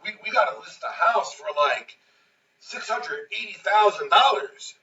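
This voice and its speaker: A man's voice: sits high, expressive, a little slow, sharp tone, roomy sound, far from the mic, highs cut off, voice pushed up, heavily acted. A man voicing his stubborn, overconfident client, a male builder, in a raised and insistent tone.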